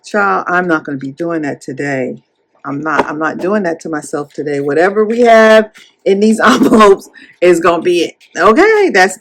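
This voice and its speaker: A woman chatting casually while counting cash at home, animated and playful as she retells a story. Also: fairly low pitch, vocal fry, husky. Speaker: cash-stuffing YouTuber.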